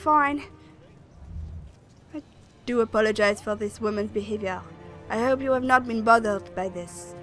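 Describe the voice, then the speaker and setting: Woman doing a male captain, measured, formal, calm, somewhat lowered voice. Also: faint music behind.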